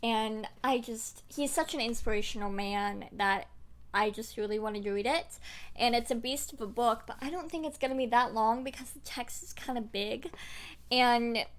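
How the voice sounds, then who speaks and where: A woman's voice: on the high side, moderate pace. A young woman vlogging about books at home into a desk microphone, rambling and chatty with many fillers. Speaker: book vlogger. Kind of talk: casual to-camera chat.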